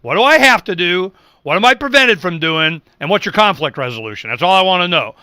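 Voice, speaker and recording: A man's voice: high-pitched, lively intonation, a little fast, sharp tone, smooth, no echo. A middle-aged man hosting a political talk show, speaking emphatically and acting out the people he quotes. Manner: emphatic, acts out quoted people, repeats words when worked up.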